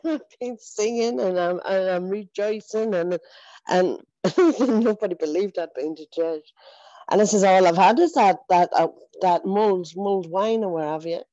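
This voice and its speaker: A woman's voice: medium pitch, measured pace, dark tone, no room sound, muffled recording. A woman giving an earnest, emotional personal faith testimony, often repeating herself and laughing between phrases. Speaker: church member giving testimony.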